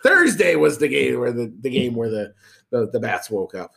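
A man talks sports on a casual podcast and keeps the segments moving. His delivery is relaxed and agreeable. His pitch rises and falls in a lively, expressive way. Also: moderate pace, creaky.

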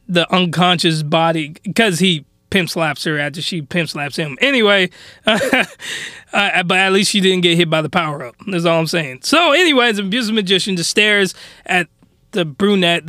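A man ranting in an exasperated, animated way while recapping an anime episode. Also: sits high, no room sound, clean studio sound.

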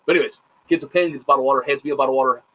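A man talking fast and loose on a casual podcast, swearing freely as he spins a long anecdote. He acts out what everyone said, one line after another, at a mid-range pitch. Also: fairly even intonation, dull audio. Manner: rapid, profane storytelling full of quoted dialogue. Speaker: podcast host. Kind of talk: casual chat.

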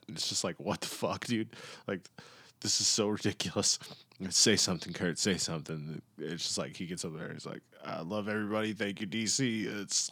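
A young man with a very low voice rants through casual podcast commentary, sarcastic and swearing freely. The sound is dry and close, with no room around it. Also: pushed and bright, husky, no echo. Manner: ranting, sarcastic, heavy swearing. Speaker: podcast host.

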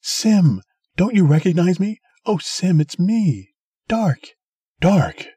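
A man voicing a frail, trembling old woman, shrill and pleading, in a storybook reading. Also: very animated, takes it slowly, dark tone, slightly rough, dry recording, heavily acted. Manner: shrill, high-pitched pleading.

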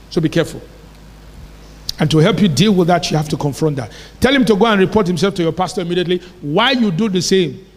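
A man preaches with emphatic conviction, repeatedly checking whether his congregation has understood him. His voice sits high for a man. The sound carries the long reverb of a church hall. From Nigeria. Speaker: pastor. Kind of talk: sermon.

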